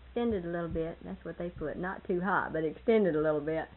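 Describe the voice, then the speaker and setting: An older woman with a husky voice, reminiscing casually about family and laughing often as she tells stories. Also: fairly low pitch, quick pace, phone-quality sound. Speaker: storyteller in family history interview.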